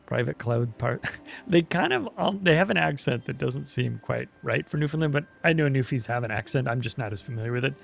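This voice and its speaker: A man chatting casually over his gameplay, relaxed and talkative with plenty of offhand asides. His voice is mid-pitched with a noticeably gravelly fry. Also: fairly quick. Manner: laid-back, chatty, says dude and jeez. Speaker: let's play host.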